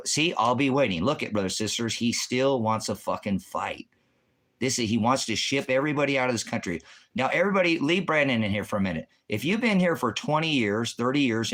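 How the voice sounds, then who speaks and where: A man's voice: medium pitch, a bit bright. A man hosting a livestream, angrily berating commenters with constant profanity in a heated, combative rant. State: agitated. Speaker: livestream host answering chat.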